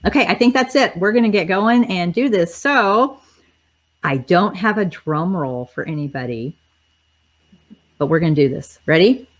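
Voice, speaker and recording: Speaking in a lowish voice at moderate pace, a woman hosts a casual livestream chat through a video call. Upbeat and talkative, she speaks to viewers directly, her voice tiring and cracking.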